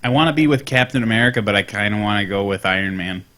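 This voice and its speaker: A man's voice: fairly low pitch, fast. A man co-hosting a gaming podcast, tossing in goofy jokes and asides. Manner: jokey, goofy asides, lively delivery. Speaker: podcast co-host. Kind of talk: casual gaming podcast chat.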